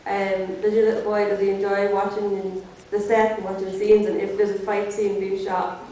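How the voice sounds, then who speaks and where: A woman's voice: medium pitch, flat delivery, moderate pace, dark tone, slight background noise. A woman in the audience asking a question, restarting her words as she goes. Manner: hesitant, restarting. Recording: echoey hall from far off.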